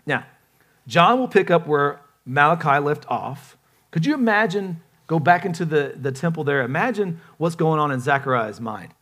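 A man preaching a sermon as pastor, casual and joking, with lively emphasis. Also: a little high.

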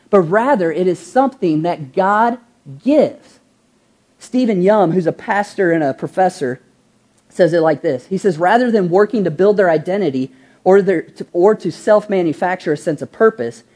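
A woman's voice: fairly low pitch, dark tone. A woman pastor preaching a sermon, asking the congregation rhetorical questions, drawing out key words and acting out everyday quotes. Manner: acts out quoted voices in an everyday tone.

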